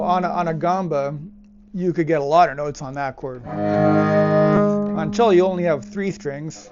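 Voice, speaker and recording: Male cello teacher, casual and hesitant, somewhat high voice, muffled recording with loud cello behind. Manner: thoughtful, hesitant, with fillers and restarts. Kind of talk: casual music lesson talk. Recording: dull lo-fi audio with loud cello playing. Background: loud cello music.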